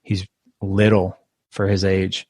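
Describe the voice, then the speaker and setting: A man's voice: sits low, slow pace, no echo, studio quality. A man in his thirties, a podcast guest, telling stories in a rambling, chatty way with lots of restarts. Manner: rambling, restarts, animated when quoting. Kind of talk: casual storytelling interview.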